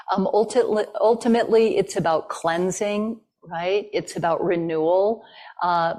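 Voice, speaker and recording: A woman's voice: fairly low pitch, darkish tone. A woman giving a talk and telling a traditional story in a conversational way, with fillers. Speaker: guest speaker.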